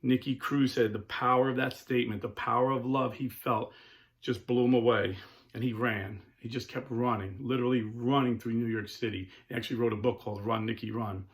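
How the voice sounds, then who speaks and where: A man's voice: mid-range voice, a little fast. Man telling stories on his show. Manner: animated storyteller, casual with filler words. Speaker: host of a Catholic talk show. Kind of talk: storytelling talk.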